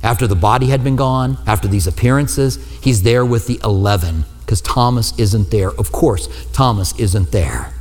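A male pastor preaching a sermon, telling the story lively and acting out the quoted lines with humor. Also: fairly low pitch, moderate pace, hardly any pauses, long reverb tail.

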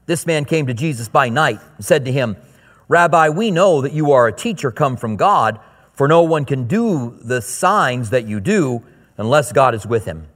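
A man preaching a sermon, reading scripture slowly and then explaining it in quicker, casual asides. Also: medium pitch, lively intonation, a bit bright, in a large hall. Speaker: pastor.

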